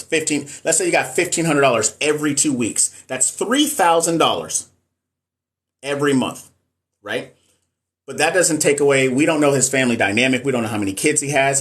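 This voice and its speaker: A man's voice: mid-range voice, fairly bright tone. A middle-aged man, a nurse and NCLEX coach, chatting casually on a live stream and answering viewer comments in a frank, emphatic way.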